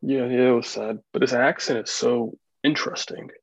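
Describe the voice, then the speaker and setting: East coast american guy chatting, gravelly husky voice, kinda dull lo-fi sound. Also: mid-range voice, normal speed, no echo. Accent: Eastern US, Washington D.C. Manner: relaxed, musing, many fillers. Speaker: podcast host. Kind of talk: casual chat.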